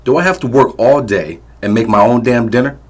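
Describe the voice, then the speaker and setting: A man reading the part of a drunken, abusive father in his thirties, yelling with menace. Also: medium pitch, unhurried, voice pushed up, lightly acted. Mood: drunk, raging.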